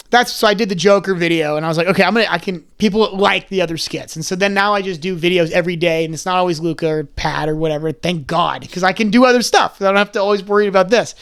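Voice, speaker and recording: A young man in his twenties chats as a podcast guest with a fairly high, gravelly yet clear voice. He rambles through his stories with restarts and fillers, and often breaks into other voices. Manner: animated storyteller who keeps slipping into voices. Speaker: guest, comedy content creator. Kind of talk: casual podcast chat.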